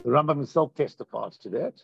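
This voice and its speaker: A man teaching a Torah class as a rabbi, animated and repeating phrases for emphasis. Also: medium pitch, quick pace, vocal fry, slightly rough, dry recording, dull audio. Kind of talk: Torah class on Tisha B'Av.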